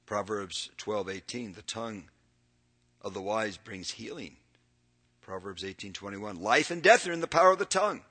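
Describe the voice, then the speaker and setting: An older man with a lowish voice reads verses earnestly while preaching. He moves back and forth between emphatic, loud moments and quiet, drawn-out passages.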